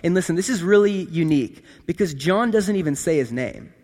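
A man's voice: sits high, brisk. Conversational male preacher in a big hall. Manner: conversational, animated, checks in with "right?" and "okay?". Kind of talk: casual sermon. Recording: long hall reverb.

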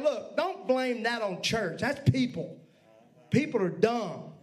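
Man, pastor, very high voice, lively sermon, talks to the congregation. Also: slow pace. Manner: lively preaching with asides to the congregation.

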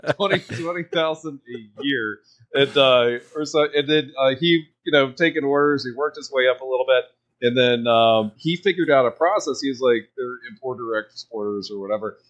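A man's voice: mid-range voice, normal speed, fairly bright tone. A man ranting casually on a podcast, rambling through his story with fillers and restarts. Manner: rambling, restarts with many fillers, laughs at own asides. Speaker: podcast guest.

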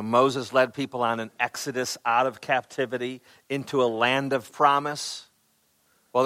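A man's voice: medium pitch, pushed and bright, dry recording. A male pastor preaching a sermon in a conversational way, with many fillers and repeated words, acting out quoted voices with rising emphasis.

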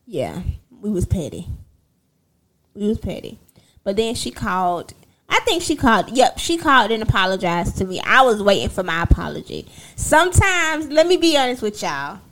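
A young woman, chatting casually and sassily to her viewers, telling a story in an animated way with laughter. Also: medium pitch, normal speed. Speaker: livestream host.

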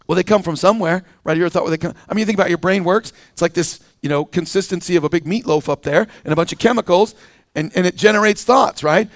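A man with a fairly high voice delivers a sermon. He talks in a relaxed, conversational way, full of fillers and restarts. The sound is dry and close. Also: quick pace, no room sound. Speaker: pastor.

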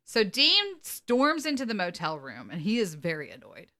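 A woman co-hosting a podcast, casually recapping an episode with animated, laughing delivery. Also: mid-range voice, moderate pace. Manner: animated, acts out quotes, laughs often. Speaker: podcast co-host.

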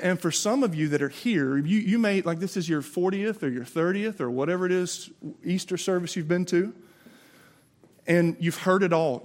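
A man with a Southern US accent preaching an Easter sermon, impassioned and conversational, often restarting his words. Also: on the high side. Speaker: pastor.

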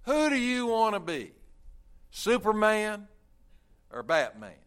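A preacher voicing a lonely little boy who keeps pleading with his busy father, speaking earnestly at a raised pitch. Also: huge pitch swings, takes it slowly, fairly bright tone, exaggerated voice.

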